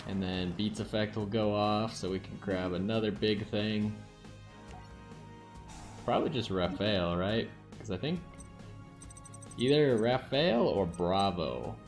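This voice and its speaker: A man calmly narrating his card game moves and thinking aloud as he plays. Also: fairly low pitch. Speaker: gaming channel host. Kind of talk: casual game commentary.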